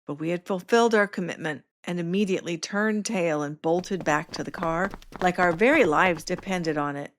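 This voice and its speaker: A woman's voice: lowish voice, normal speed, hardly any pauses, a little hiss or hum. A woman, the podcast host, reading her memoir aloud in the first person, with wry self-mocking humor.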